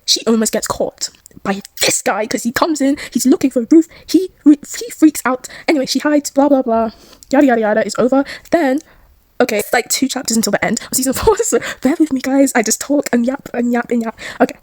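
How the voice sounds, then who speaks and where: A woman's voice: sits high, brisk, darkish tone, no room sound. A young woman casually recapping a story, chatty and rambling, giggling and acting out the characters' lines. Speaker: recap vlogger.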